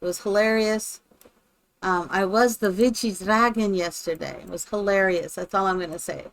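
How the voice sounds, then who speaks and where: A woman's voice: medium pitch, steady tone, moderate pace. Chatty woman streaming a building game. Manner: chatty, thinks aloud, greets viewers by name. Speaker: live streamer. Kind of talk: casual live-stream commentary while building in a game.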